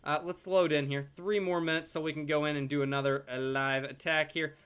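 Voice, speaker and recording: Fairly high-pitched and flat, with a clean tone, this young gaming YouTuber speaks fairly quickly. He casually comments on his own gameplay as a video host, joking and chatting, and uses a soft baby voice for his dog.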